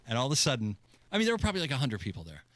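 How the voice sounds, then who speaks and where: A man on talk radio with a bright, forceful voice that swings up and down as he spins an animated story. The studio sound is dry and close, with no room around him. He breaks into shrill mimicked yells now and then. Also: very fast, dry recording. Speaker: radio show co-host. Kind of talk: casual talk radio banter. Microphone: studio microphone.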